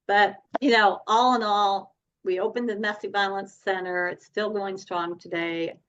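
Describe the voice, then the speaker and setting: Woman coach as podcast guest, animated storyteller; dull remote-call sound. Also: medium pitch, normal speed, a little hiss or hum. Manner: animated, laughs often while telling stories.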